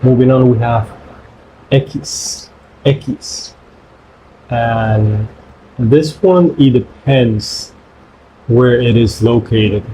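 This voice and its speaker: A man whose first language is Spanish, teaching pronunciation in English by repeating syllables in slow drills. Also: medium pitch, dark tone, slight background noise, low-quality recording. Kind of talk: pronunciation lesson.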